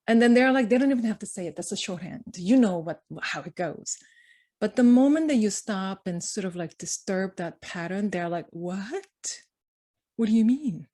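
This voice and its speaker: A middle-aged woman gives a conversational presentation. She tells everyday family stories and slips into the voices of the people she quotes. Laughter comes often as she talks. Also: mid-range voice. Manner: animated storyteller, acts out quoted lines, laughs often. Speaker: conference speaker.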